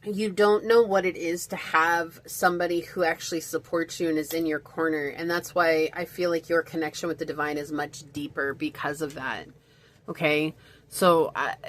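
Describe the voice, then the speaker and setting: A woman giving a chatty, reflective pick-a-card tarot reading, full of fillers and asides, hiccuping at times. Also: fairly low pitch. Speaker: tarot reader.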